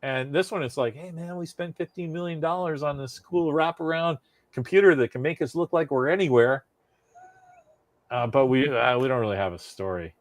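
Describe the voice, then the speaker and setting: A man co-hosting a podcast in casual chat, ranting in an animated way, swearing freely and laughing often. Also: a little high, moderate pace, no echo. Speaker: podcast co-host.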